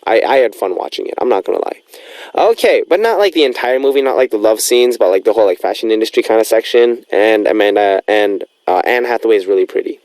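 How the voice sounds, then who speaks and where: A man's voice: lowish voice, fast talker, a little mellow, no echo. A young man hosting a radio show in a studio, chatting casually and rambling with lots of fillers.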